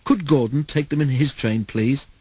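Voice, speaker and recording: A man's voice: medium pitch, moderate pace, dark tone, husky, no room sound, natural voice. A man voicing a fussy male station master asking for help with pleading questions in a storybook reading.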